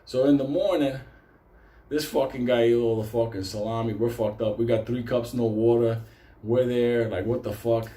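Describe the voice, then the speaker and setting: A man telling a comic personal story in a casual, animated way, swearing constantly. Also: mid-range voice, normal speed, roomy sound. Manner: heavy swearing, animated retelling.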